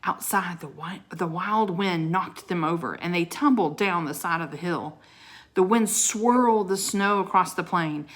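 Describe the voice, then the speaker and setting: A woman reading a children's storybook aloud to a child, expressive with small stumbles. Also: medium pitch, a little slow. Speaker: reader of a children's book.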